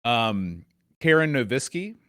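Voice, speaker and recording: Lively, halting podcast co-host man. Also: mid-range voice, dry recording, studio quality. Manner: halting, full of ums and restarts. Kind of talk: casual chat.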